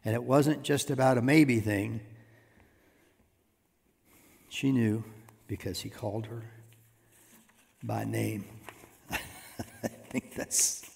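A man preaching a sermon as pastor, swinging between hushed asides and loud emphatic bursts. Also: mid-range voice, fairly even intonation, takes it slowly, creaky, long pauses, husky. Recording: long reverb of a church hall.

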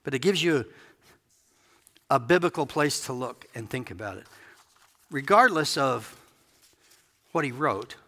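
A man's voice: mid-range voice, animated, unhurried, long pauses, bright, forceful tone. A male pastor giving a conversational sermon, musing aloud with playful asides. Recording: reverberant hall.

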